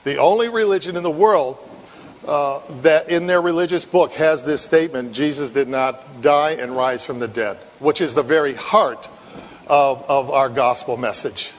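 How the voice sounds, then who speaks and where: A man's voice: mid-range voice, normal speed, slight background noise. A man from Ireland, a missionary preacher, giving a sermon in a conversational storytelling way, often repeating words. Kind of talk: sermon with anecdote. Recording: long reverb in a hall.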